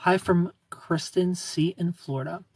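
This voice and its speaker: A man from Ohio hosting a casual livestream, reading viewer comments aloud in a soft, low-key way and slipping into quiet asides. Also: measured pace, husky, dry recording. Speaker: livestream host.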